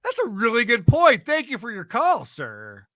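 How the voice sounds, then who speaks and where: A man co-hosting a podcast in casual chat, laughing often through lively banter. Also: extremely high pitch, moderate pace, dry recording. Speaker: podcast co-host.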